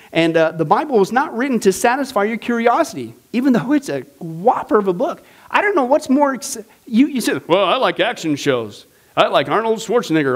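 A man teaching a Bible study class in a casual, animated way, full of jokes and enthusiasm. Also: high voice. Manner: animated, joking, enthusiastic with frequent fillers. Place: church classroom.

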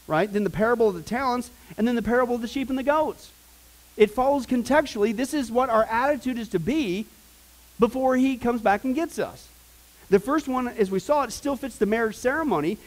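A man with a high voice leads a Bible class. He talks casually and rambles, with joking asides, then breaks into loud preaching. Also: rough recording. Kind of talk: informal Bible teaching.

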